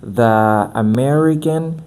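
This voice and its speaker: A man's voice: medium pitch, slow, darkish tone. Man explaining as a coach. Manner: explanatory, repeats phrases for emphasis. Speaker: accent coach. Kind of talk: podcast interview.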